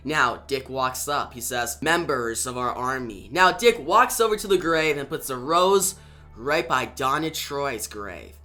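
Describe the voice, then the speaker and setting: A man retelling a comic book story for viewers, energetic and emphatic. His voice is bright and sits a little high, with faint music playing behind him. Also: measured pace.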